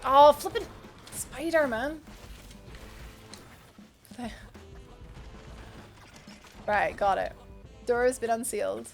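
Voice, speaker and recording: Girl streaming a game, high voice, chatty, laughs a lot, faint music behind. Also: lively intonation, very slow, vocal fry, long pauses. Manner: chatty, thinks aloud, laughs and gasps often. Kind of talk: live gameplay commentary chatting with viewers.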